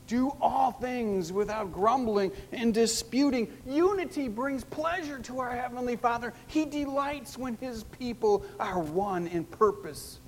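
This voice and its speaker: A pastor preaching a sermon, emphatic and repetitive, with wide swings in pitch and loudness. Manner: emphatic, repeats key phrases, big swings in pitch and loudness. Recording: long hall reverb with faint noise.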